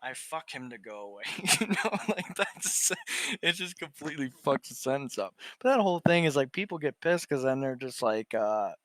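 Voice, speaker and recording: A man's voice: a little high, animated, normal speed, fairly bright tone, dry recording. A man co-hosting a podcast, talking in crude casual banter, swearing and joking, often laughing at his own bits. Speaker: podcast co-host.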